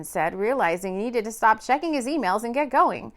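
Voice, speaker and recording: A woman narrating a romance audiobook in an expressive, lively reading. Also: fairly high pitch, a little fast.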